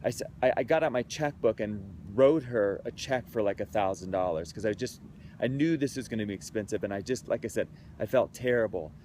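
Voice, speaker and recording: A man's voice: lowish voice, lively intonation, brisk, darkish tone, a little hiss or hum. A man in his thirties, a creativity speaker, telling a personal story in an earnest, heartfelt, conversational way outdoors in a city.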